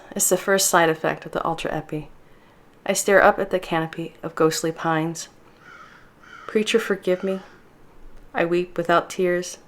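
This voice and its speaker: A woman author reading her novel aloud as audiobook narration in a steady, measured way. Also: low-pitched.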